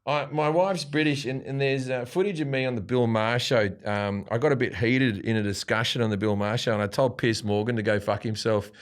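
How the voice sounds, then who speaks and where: Mężczyzna z australijskim akcentem, w średnim wieku, opowiada w wywiadzie barwne, wulgarne historie i odgrywa cudze kwestie. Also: male voice, medium pitch, brisk, few pauses, clean tone. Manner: profane, animated storytelling with acted-out quotes. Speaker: guest comedian. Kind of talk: storytelling in a casual interview. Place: studio.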